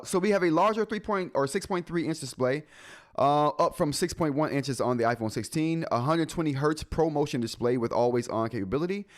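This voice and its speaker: A man hosting a live tech show, chatting casually with his viewers, joking and laughing often. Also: mid-range voice. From United States. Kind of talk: casual live-stream chat.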